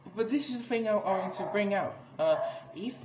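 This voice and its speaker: Man ranting on a podcast, high voice, angry and swearing, echoey room, noticeable background noise. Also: a little fast. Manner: angry, swears a lot, many restarts. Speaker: podcast host. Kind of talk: casual ranting monologue.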